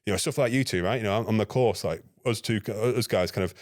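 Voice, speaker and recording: Male podcast guest, rapid storyteller with a lowish voice. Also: no echo, clean studio sound. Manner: lively anecdote-telling, acting out his own dialogue. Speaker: guest, NGO security manager.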